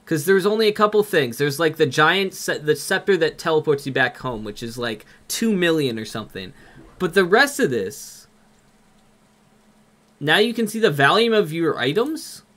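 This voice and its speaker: A young man with a Minnesotan accent, commenting on a game live and reading its text aloud in an excitable, jokey way. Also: on the high side, normal speed. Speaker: streamer.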